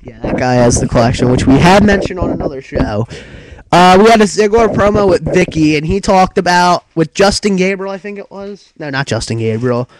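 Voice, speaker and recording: This wrestling talk show co-host walks through a recap in a casual, rambling style, leaning on "like" and "um" and cursing now and then. His fairly high male voice is expressive and brisk, though the audio quality is poor.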